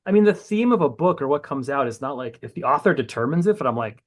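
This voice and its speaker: A man talking quickly and loosely in a podcast interview, in a mid-range voice. He rambles, mocks himself and swears easily. His sentences stop and restart as he works out what he means. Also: mid-range voice, lively intonation. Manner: rambling, profane, self-mocking, restarts often. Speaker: comic book writer guest.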